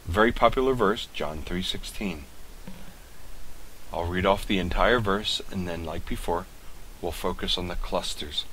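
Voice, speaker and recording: Male language tutor, very low voice, unhurried and precise, faint hiss on the recording. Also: fairly bright tone, low-quality recording. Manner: slow, deliberate, sounding out words syllable by syllable. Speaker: Greek tutor. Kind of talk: recorded pronunciation lesson.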